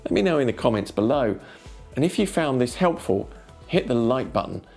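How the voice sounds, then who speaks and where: Male presenter, gravelly mid-range voice, calm instructive read, soft music underneath. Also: mid-range voice, normal speed. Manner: calm instructive delivery, counting off tips. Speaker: wellness video presenter. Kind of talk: scripted narration.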